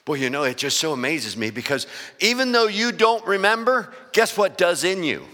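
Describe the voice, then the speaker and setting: A man's voice: high voice, very animated, moderate pace, bright, forceful tone. A male pastor preaching a sermon, asking the congregation questions and building emphasis. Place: church sanctuary. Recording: long church reverb.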